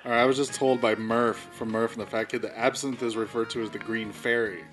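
Chill podcast guy, mid voice, walks ppl through stuff slowly. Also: medium pitch, fairly even intonation, fairly bright tone, soft background music. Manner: easygoing, explains step by step. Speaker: podcast co-host. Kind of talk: casual banter.

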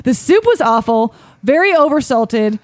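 A woman's voice: high voice, very animated, normal speed, dry recording. A woman co-hosting a casual talk show, chatting and reading online posts aloud with laughing asides. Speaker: co-host.

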